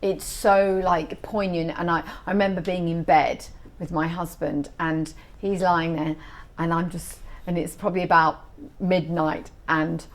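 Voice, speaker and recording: A middle-aged woman being interviewed as an author, telling stories in an animated, chatty way. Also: lowish voice, measured pace. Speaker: author guest. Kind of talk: casual interview chat.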